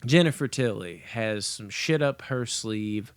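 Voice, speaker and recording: A man's voice: lowish voice, a little slow, clear, resonant tone, no echo. Rambling, profane young man reviewing. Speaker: movie and TV reviewer. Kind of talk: casual spoken episode review.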